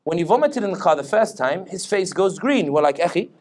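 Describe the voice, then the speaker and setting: A Tunisian political analyst with a British accent addresses an Islamic center as guest speaker, mixing humor and anecdotes into his public talk. His high voice is darkish in tone, very animated and brisk.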